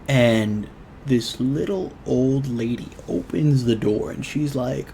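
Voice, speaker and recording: A man's voice: medium pitch, slow, creaky, mellow, slight background noise. A young man hosting his own show, telling a personal story in a rambling, earnest way full of fillers. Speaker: show host. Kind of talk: casual storytelling vlog.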